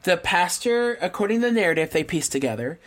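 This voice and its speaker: A woman with a somewhat low voice walks through a true crime case on a podcast. She keeps it loose and chatty, laughing and tossing in jokey asides between the facts. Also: quick pace. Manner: laughs often, relaxed storytelling with asides. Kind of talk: casual true crime chat.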